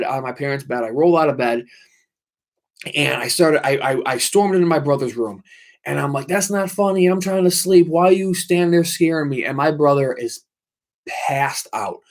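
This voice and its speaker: A man's voice: mid-range voice, moderate pace. Man telling a ghost story on a livestream. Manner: intense, swearing, repeats himself for emphasis. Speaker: livestream host.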